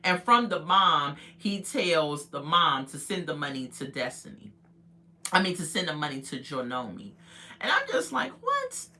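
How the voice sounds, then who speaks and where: A woman casually recapping a reality TV episode, chatty and animated, talking straight to her viewers. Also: sits low, normal speed, slight background noise.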